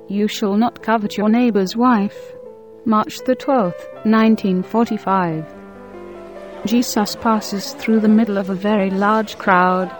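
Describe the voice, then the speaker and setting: A woman narrating a religious story in a measured, solemn reading. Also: medium pitch. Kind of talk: scripted narration of a devotional story. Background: faint instrumental music.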